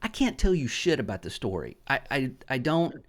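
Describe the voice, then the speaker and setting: Rambling, swearing middle-aged podcast host. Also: male voice, medium pitch, sing-song. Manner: rambling, profane storyteller; halting restarts and fillers. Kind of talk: casual gaming podcast chat.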